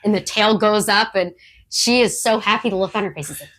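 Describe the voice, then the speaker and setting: A woman's voice: medium pitch, a little fast, fairly bright tone. A woman co-hosting a podcast, chatting casually and telling training stories with frequent laughs. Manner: chatty storyteller who laughs often; acts out her dog's thoughts in quotes. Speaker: podcast co-host, disc dog trainer.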